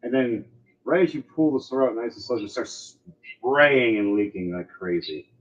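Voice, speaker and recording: Man, game master, animated storytelling, mid-pitched voice, dull lo-fi audio. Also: normal speed. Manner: lively narration with sound effects. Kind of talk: narrating a tabletop game.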